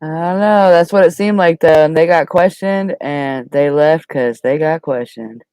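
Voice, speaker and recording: A woman's voice: deep voice, measured pace, darkish tone, smooth, no echo. A woman co-hosting a live stream, answering bluntly in slangy casual chat. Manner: laughs easily, blunt slangy replies. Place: live online stream panel.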